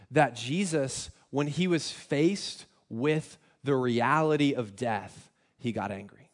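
A young man preaching a sermon in a conversational, self-deprecating way, with frequent restarts. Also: a little high. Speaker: pastor.

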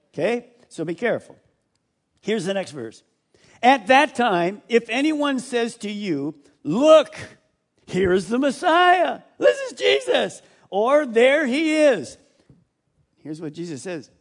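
A male pastor in the middle of a sermon, his voice pitched high and swinging widely. He reads scripture with dramatic force, then drops to quiet, confiding asides.

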